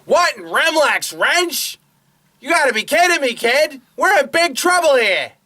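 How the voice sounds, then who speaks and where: A man voicing a panicky, loud cartoon character who yells frantically. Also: very high-pitched, very animated, measured pace, pitched above the performer's own voice, full character voice. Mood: alarmed. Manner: frantic yelling. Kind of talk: cartoon voice acting.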